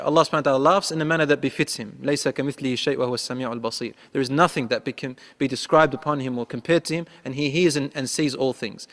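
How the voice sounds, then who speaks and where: A man preaching a sermon, telling a story and acting out its dialogue with a rising voice, reciting prayers quickly. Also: fairly high pitch, fairly bright tone. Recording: long hall reverb.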